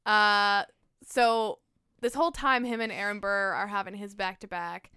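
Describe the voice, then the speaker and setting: A woman's voice: medium pitch, a little slow, smooth, no echo. Young female podcast co-host, casual and sweary, clean close-mic sound. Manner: excited, swears a lot, laughs often. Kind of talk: casual chat.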